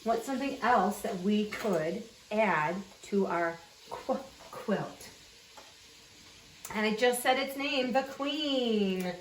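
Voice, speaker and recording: A woman teaching an early-grade phonics lesson, sounding out letters slowly and singing short spelling songs. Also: mid-range voice, slight background noise. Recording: echoey room, voice a bit far off.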